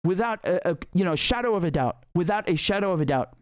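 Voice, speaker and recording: A man delivers heated solo political commentary with plain indignation and biting sarcasm. He circles back and repeats his lines for emphasis. His voice sits somewhat high and sounds close and dry, with no room echo. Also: animated, fast.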